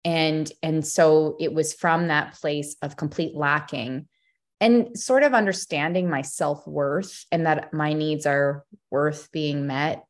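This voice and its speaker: A young woman talking as a podcast guest, expressive and a bit scattered, often restarting her sentences. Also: deep voice, slow pace. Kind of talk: emotional personal conversation.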